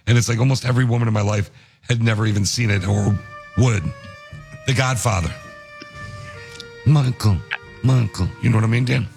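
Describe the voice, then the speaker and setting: A man's voice: on the low side, fairly even intonation, fast talker, soft background music. A man hosting a radio show, teasing and joking with his co-hosts in a studio. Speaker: radio host. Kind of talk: morning radio banter.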